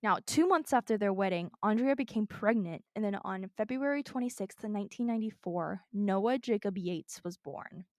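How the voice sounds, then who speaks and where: A woman's voice: mid-range voice, animated, normal speed, few pauses, a little mellow, no echo, studio quality. A woman co-hosting a podcast, earnestly telling a true crime story in casual chat from her notes.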